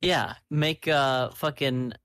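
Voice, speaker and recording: A man's voice: medium pitch, fairly even intonation, slow pace, a bit bright, clean tone, dry recording, clean studio sound. A man co-hosting a podcast in casual chat, blunt and profane, riffing in long rambling runs. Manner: blunt, swears a lot, rambling riffs. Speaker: podcast co-host.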